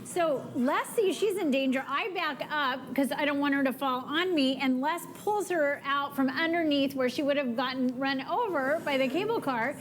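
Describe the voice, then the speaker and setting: A woman's voice: high voice, moderate pace, few pauses, a little hiss or hum. A woman co-hosting a premarital counseling session, telling a story vividly. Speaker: marriage counselor and co-host. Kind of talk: storytelling conversation.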